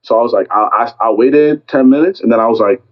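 A young man casually telling a story about a fight with a girlfriend, acting out both sides with lively quoted lines. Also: mid-range voice, fast, dull audio. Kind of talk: casual chat.

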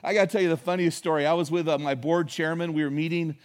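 A pastor preaching a sermon in a conversational, folksy storytelling way, hitting key words with emphasis. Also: male voice, a little high, steady tone, quick pace.

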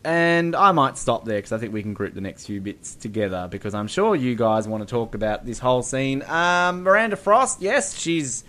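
A man's voice: mid-range voice, expressive, normal speed, few pauses, fairly bright tone. Rambling man chatting about films. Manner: rambling, many ums, bursts into playful impressions. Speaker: podcast co-host. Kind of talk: casual film review chat.

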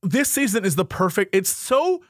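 A man co-hosting a podcast in casual chat, animated, acting out quotes in different voices. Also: sits high, normal speed, no room sound, studio quality. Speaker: podcast co-host.

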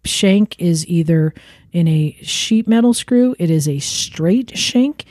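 A woman's voice: lowish voice, expressive, takes it slowly, warm tone, dry recording, studio quality. Woman co-host explaining and correcting. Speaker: podcast co-host. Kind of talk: casual chat.

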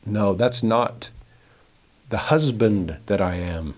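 A man teaching a verse-by-verse scripture lesson, reading passages slowly and then paraphrasing them with rising emphasis. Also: fairly low pitch, expressive, a little mellow, slightly rough.

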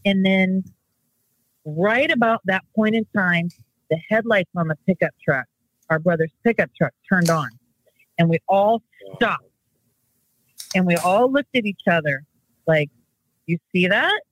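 A woman's voice: lowish voice, a little slow, long pauses, low-quality recording. A woman telling a family story in casual conversation, rambling and correcting herself as she goes. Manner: rambling, self-correcting, acts out quotes.

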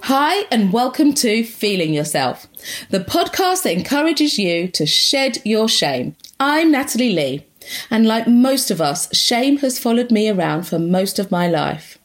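A woman's voice: a little high, big pitch swings, a little slow. A woman hosting a podcast, introducing her show and chatting with her guest in a playful, giggly way. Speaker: podcast host. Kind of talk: casual interview.

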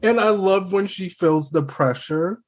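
Husky podcast cohost, laughs a lot, swears casually while dishing on reality tv. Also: medium pitch, measured pace, a little mellow. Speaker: podcast co-host. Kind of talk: casual chat recapping reality TV.

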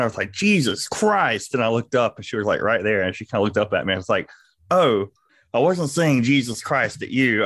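A man's voice: on the low side, no room sound. A young man with a Southern accent and a lisp, telling a rambling story at speed as a podcast co-host, laughing and swearing often. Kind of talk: casual chat.

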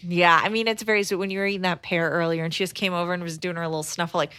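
A woman's voice: lowish voice, flat delivery, rapid-fire, fairly bright tone, dry recording. Chatty, questioning woman podcast host. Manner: chatty, asks questions, laughs easily. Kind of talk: casual podcast chat.

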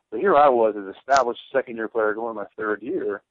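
A man's voice: on the low side, a little fast, few pauses, no echo. A man who played pro football, co-hosting sports radio and telling a story emphatically with many repeated phrases. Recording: tinny phone-like radio broadcast, dry.

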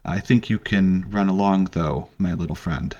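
A man voicing a calm, smooth-talking male hobgoblin official who is politely dismissive. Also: low voice, moderate pace, lo-fi sound. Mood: calmly dismissive.

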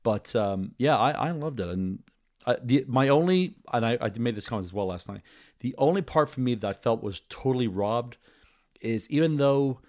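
A man's voice: mid-range voice, animated, normal speed, darkish tone. A man hosting a podcast, chatting casually and enthusiastically, rambling with many restarts. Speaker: podcast host. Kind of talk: casual chat.

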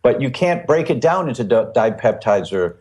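A man's voice: mid-range voice, very animated, moderate pace, a little mellow. A middle-aged man, a guest expert on a podcast interview, explaining in a teacherly way with vivid analogies and repeated key points. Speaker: guest expert on gluten and health.

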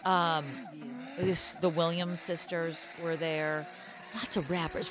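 A woman co-hosting a podcast, telling stories in an excitable, goofy, casual chat. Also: on the low side, measured pace, noisy background. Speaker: podcast co-host.

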